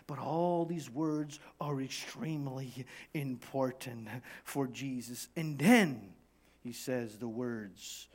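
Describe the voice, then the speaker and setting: A male pastor preaching a sermon dramatically, swinging from shouts down to hushed tones. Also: medium pitch, slow pace.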